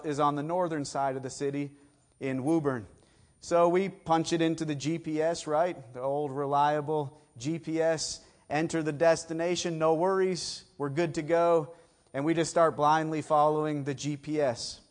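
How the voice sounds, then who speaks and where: A middle-aged man from south of Boston with a Boston accent, preaching a sermon emphatically with folksy asides. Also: a little high. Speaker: pastor.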